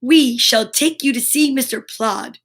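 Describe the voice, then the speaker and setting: Woman reading old toy gnome, storybook, firm, brisk, protective. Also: fairly high pitch, a bit bright.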